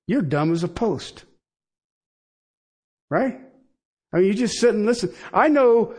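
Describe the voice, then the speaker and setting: A pastor delivers a sermon slowly in a high voice. His preaching is conversational, with asides and rhetorical questions.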